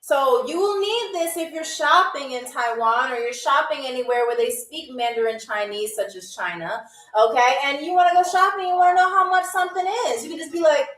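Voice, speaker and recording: A woman hosting a live trivia game show, chatting playfully with commenters and spelling out foreign phrases slowly. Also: sits high, fairly bright tone, distant mic. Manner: playful, teasing chat with commenters. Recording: echoey room, away from the mic, faint music.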